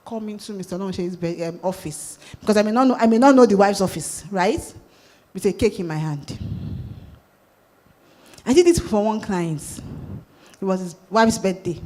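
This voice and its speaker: A woman with a Nigerian accent giving a sales talk at a conference, lively and asking the audience questions. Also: medium pitch. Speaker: conference speaker. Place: conference hall.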